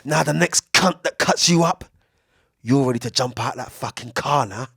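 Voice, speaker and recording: A young man with gives a casual, preachy podcast monologue, swearing freely and swinging between loud bursts and hushed asides. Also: medium pitch, moderate pace, gravelly, husky, no echo, clean studio sound. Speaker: podcast speaker. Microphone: studio mic.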